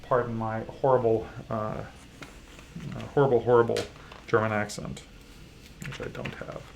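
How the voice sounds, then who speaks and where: A man with a gravelly, creaky voice talks through the rules of a board game he is playing on a livestream. He pauses often with fillers and pokes fun at himself as he checks the rulebook. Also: fairly low pitch, flat delivery, slight background noise. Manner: halting, many fillers, self-deprecating asides. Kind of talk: casual rules walkthrough.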